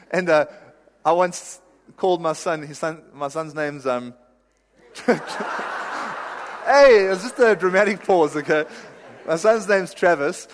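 A man's voice: on the high side, takes it slowly, long pauses. A male pastor giving a sermon in a conversational, self-deprecating way, laughing at himself now and then. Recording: reverberant hall.

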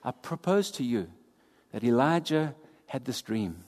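A man preaching a sermon, swinging between loud and hushed as he drives his points home. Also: medium pitch, very animated, measured pace. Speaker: pastor. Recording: long hall reverb.

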